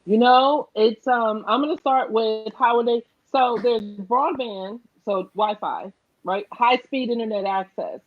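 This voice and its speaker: Earnest woman with a New Jersey accent, a candidate on a panel, a bit high-pitched, slightly muffled line. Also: fairly even intonation, measured pace. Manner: earnest, emphatic, says "right?" often. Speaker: political candidate. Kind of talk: online panel conversation.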